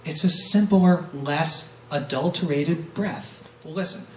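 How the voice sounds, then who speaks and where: A man's voice: fairly high pitch, slow pace, a little mellow, faint music behind. A man teaching a brass masterclass, explaining breathing with rhetorical questions and demonstrating vowel sounds. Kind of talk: masterclass lecture. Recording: roomy echo from a distant mic, faint noise.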